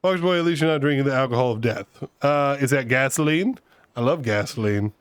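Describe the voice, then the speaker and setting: A man's voice: mid-range voice, expressive, brisk, clear, resonant tone, no room sound. A man hosting his live stream, telling rambling, self-mocking stories in a playful, casual way. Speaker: streamer host. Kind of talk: casual storytelling chat.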